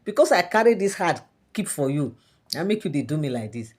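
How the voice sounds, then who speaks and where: A woman's voice: low-pitched, very animated, a little fast, darkish tone. A Nigerian woman voicing a king who scolds his wife in Pidgin-tinged speech. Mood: reproachful. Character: hurt, then forgiving older male king.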